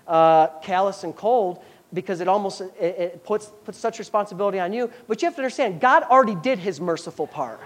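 Brief: pastor mid-sermon, reads verses slow, then presses points hard with questions and amens. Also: medium pitch. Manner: preaching with rhetorical questions and call-outs to the congregation; reads scripture aloud slowly, then speeds up explaining.

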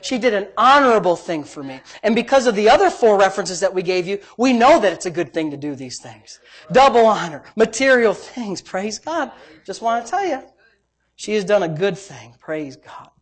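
A middle-aged male pastor with a high voice preaches a sermon emphatically, swinging from quiet asides to loud exclamations. His delivery is sing-song and breathy-edged, at a normal speed.

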